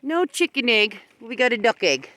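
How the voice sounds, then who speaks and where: A woman's voice: a little high, big pitch swings, normal speed, fairly bright tone, dry recording. A woman filming her poultry outdoors, chatting in a sing-song way and cooing at her birds. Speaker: backyard poultry keeper filming her flock. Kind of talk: casual vlog, talking to her animals. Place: outdoor farmyard with pens in the rain.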